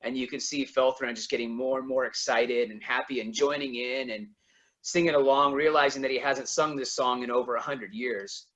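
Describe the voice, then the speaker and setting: A man's voice: medium pitch, steady tone, moderate pace, a bit bright, dull audio. A man playing a tabletop game, describing his character's actions in a hesitant way with many fillers. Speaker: player. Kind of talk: casual in-character play narration.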